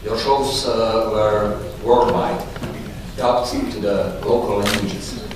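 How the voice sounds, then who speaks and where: Halting male moderator in an echoey hall. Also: fairly low pitch. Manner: halting, hesitant when interpreting. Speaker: moderator and interpreter. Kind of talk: press conference moderation and interpreting. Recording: echoey hall from far off with noise.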